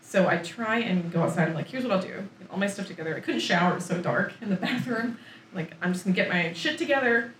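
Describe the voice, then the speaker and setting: A woman's voice: medium pitch, fast talker, a bit bright. A woman from Florida, a guest author, telling a long story in casual chat. She laughs often and acts out her own lines. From Florida, USA. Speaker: author on book tour, guest. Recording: roomy echo, distant mic, faint noise.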